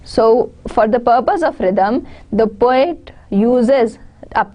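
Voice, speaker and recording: A woman's voice: on the high side, takes it slowly, warm tone. A woman with a Pakistani English accent giving an online lecture, explaining step by step and restating her points. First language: Urdu.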